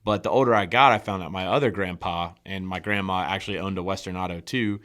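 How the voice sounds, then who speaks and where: A man's voice: low-pitched, quick pace. A young man, telling stories as a podcast guest in casual chat and acting out the quotes. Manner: animated storyteller acting out quotes. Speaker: podcast guest, small business owner.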